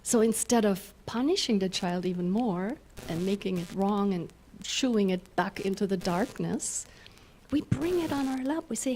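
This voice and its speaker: A woman minister gives a gentle spiritual talk in a middle-range voice, laughing often as she leads her listeners through slow breaths. A faint hum of room noise sits behind her. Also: medium pitch, animated. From German-speaking Europe. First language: German. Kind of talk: spiritual talk with guided exercises.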